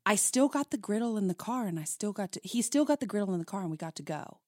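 A woman's voice: medium pitch, fast talker, dry recording. A woman chatting on a relationship podcast, telling a story with lots of back-and-forth voices for herself and her partner. The sound is close and dry, with no room behind it. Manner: animated storyteller acting out both sides of arguments. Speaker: podcast co-host. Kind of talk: casual chat about relationships.

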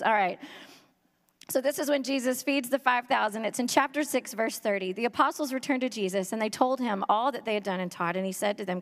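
A woman with a high voice preaches in a loose, joking way, full of asides and filler words. Her voice rings out with a long echo, as in a large hall or church. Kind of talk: humorous casual sermon.

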